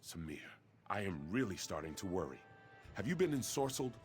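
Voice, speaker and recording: A man's voice: deep voice, very animated, a little fast. An actor playing an earnest young warrior prince who speaks formally and urgently to his brother in a video game. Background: game music.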